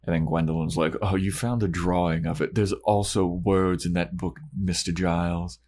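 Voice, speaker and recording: A man's voice: sits low, steady tone, a little mellow. A man co-hosting a podcast, casually retelling scenes and swearing freely. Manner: retells scenes putting on quick character voices, swears casually. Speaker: podcast co-host. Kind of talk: casual recap chat with acted quotes.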